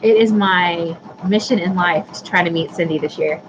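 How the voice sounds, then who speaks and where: In her home workroom, with a sewing machine running, a woman in her thirties hosts a casual live stream, greeting viewers by name and apologizing readily. Her voice is fairly low and her pace normal, but the audio is dull and the background noisy.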